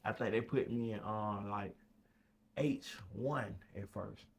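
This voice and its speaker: Young guy w telling a story on a podcast, animated, keeps doing voices. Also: slow pace, gravelly, slight background noise. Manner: animated, acts out quoted voices with loud high bursts. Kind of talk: casual storytelling.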